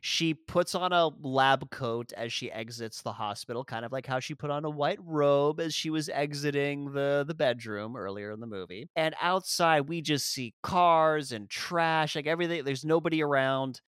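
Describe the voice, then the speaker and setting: A man's voice: on the high side, moderate pace, few pauses, fairly bright tone, clean tone, no room sound, studio quality. A man co-hosting a podcast, recapping a movie in casual, sarcastic, exasperated chat. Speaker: podcast co-host.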